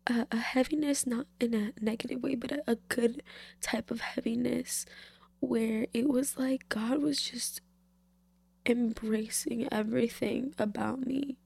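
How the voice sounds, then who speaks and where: Tearful young woman, husky and soft. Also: on the high side, fairly even intonation, a little slow, no room sound. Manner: emotional, soft-spoken, drifts into whispers, many fillers. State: tearful, emotional. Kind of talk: personal faith testimony, casual.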